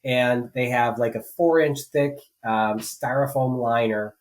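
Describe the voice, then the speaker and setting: A man's voice: medium pitch, measured pace, poor audio. A man co-hosting a political podcast, talking casually and rambling with many fillers and restarts. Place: rural home.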